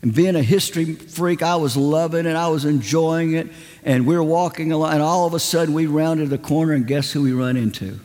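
A male preacher telling anecdotes in a sermon, animated and chatty, acting out the people he quotes. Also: fairly high pitch, brisk, big-room sound. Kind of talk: sermon storytelling.

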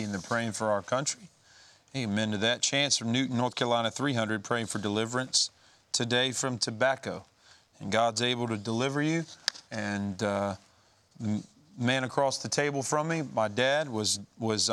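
A man's voice: mid-range voice, fairly bright tone. Easygoing male telethon host. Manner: easygoing, joking asides between prayerful comments. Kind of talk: reading donor names with brief preaching asides.

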